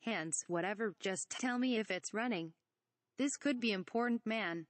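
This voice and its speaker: A woman's voice: mid-range voice, moderate pace, no echo, close to an everyday voice. A woman reading the lines of a cocky, rambling male space smuggler pilot in a read-aloud parody script, with a bluffing, offhand delivery.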